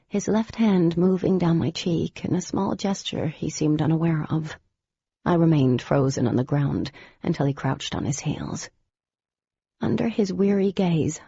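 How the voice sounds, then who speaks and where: A woman reads a first-person audiobook in a measured, intimate way. Her voice is dark, gravelly and very husky. The recording is dry and a little dull. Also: deep voice, dry recording. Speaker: audiobook narrator.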